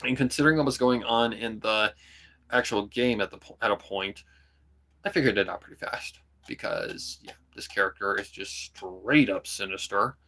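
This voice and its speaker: A young man streaming, chatting casually and rambling about voicing characters, often breaking into quick voice demos. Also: on the low side, sharp tone. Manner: rambling, full of "kinda" and "like", jumps into voice demos. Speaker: streamer and hobby voice actor. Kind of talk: casual livestream chat.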